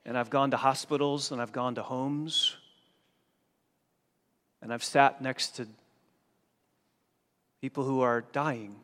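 A male pastor preaching a sermon, dropping to a hush and then rising to loud, forceful emphasis. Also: mid-range voice, steady tone, slow, pauses often. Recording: long hall reverb.

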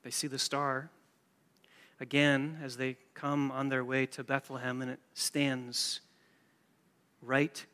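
A man preaching a sermon, moving from hushed storytelling to loud, emphatic preaching. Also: medium pitch, flat delivery, takes it slowly, pauses often, clean tone, in a large hall. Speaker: pastor.

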